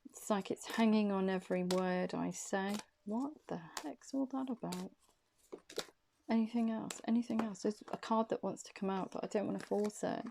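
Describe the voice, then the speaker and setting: A woman's voice: medium pitch, level tone, a little fast, gravelly, hardly any pauses, warm tone, slight background noise. A woman giving an intuitive tarot reading, short of breath, hesitant and often repeating her questions. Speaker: tarot reader.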